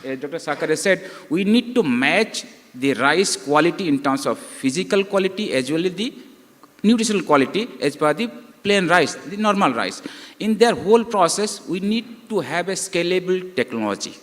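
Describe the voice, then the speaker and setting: A man moderating a panel, speaking hesitantly and often pausing on filler phrases. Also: a little high, animated, a bit bright. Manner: hesitant, leans on "you know". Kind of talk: panel discussion. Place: conference hall. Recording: reverberant conference hall.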